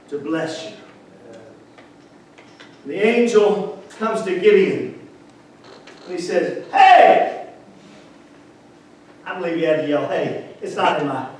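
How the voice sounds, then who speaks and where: A male pastor preaching a fervent sermon, calling out to the congregation and rising to shouts. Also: high voice, a little hiss or hum. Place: church sanctuary. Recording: echoey church hall, far from mic.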